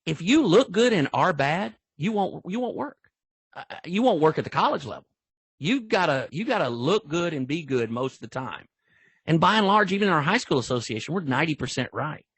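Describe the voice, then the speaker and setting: A man's voice: on the high side, brisk, husky, dry recording. A middle-aged man, a veteran football referee, telling stories in a casual podcast interview and acting out sideline exchanges. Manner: animated storyteller, acts out sideline exchanges.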